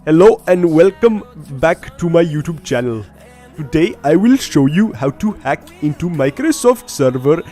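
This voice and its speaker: Stilted tutorial presenter with a put-on Indian accent, raised and a bit louder, a man puts him on. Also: a little high, lively intonation, moderate pace, faint music behind. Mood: mock formal. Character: tech support scammer presenting a tutorial.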